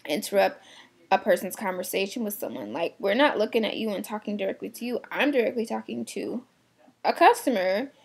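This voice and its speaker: A young woman who works in a shoe department vents to the camera, blunt and exasperated, swearing casually. Her voice sits in the mid-range, creaky with a breathy edge.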